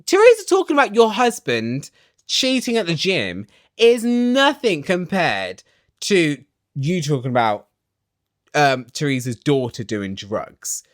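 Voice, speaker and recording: Excitable man ranting. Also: on the high side, measured pace, no room sound, studio quality. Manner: excitable, swearing, dramatic. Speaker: reality TV recap vlogger. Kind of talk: ranting casual recap. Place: small home studio.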